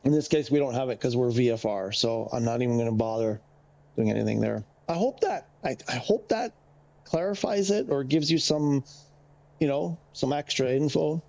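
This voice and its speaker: A man's voice: medium pitch, expressive, normal speed, creaky, a little mellow. A man streaming a flight game, explaining the radio steps in a chatty, wandering way, talking into a headset mic. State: slightly winded. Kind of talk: casual gameplay commentary.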